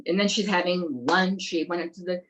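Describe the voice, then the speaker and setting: A woman's voice: on the low side, level tone, a little fast, fairly bright tone, a little hiss or hum, low-quality recording. A middle-aged woman on a political discussion show who talks in an emphatic way, stumbling over words now and then. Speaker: interviewer, investigative journalist.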